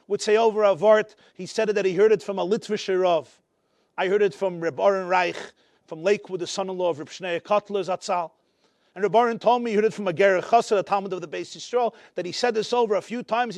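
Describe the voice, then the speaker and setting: A fervent male rabbi delivering a storytelling sermon, weaving in Yiddish and Hebrew phrases. His voice sits very high for a man and sounds dry and close, with little room echo. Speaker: rabbi giving a memorial address. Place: synagogue community gathering.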